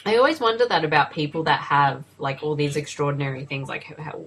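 Australian woman co-host, husky, low, loose swearing movie chat. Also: animated, fast talker, a bit bright, rough recording. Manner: swearing, laughing, filler-heavy chat. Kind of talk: casual movie watch-along commentary.

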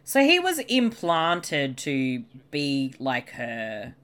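A woman's voice: rumbling low, huge pitch swings, extremely slow, a bit bright. A woman giving casual, bemused commentary on a movie, swearing freely and laughing often. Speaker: co-host. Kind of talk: movie watch-along commentary.

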